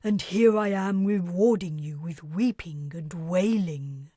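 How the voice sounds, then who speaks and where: A woman's voice: lowish voice, slow, mellow, husky, no echo. A woman voicing a large, immortal alien woman who is sweet, dramatic and coaxing, and who talks in a gushing, pleading way.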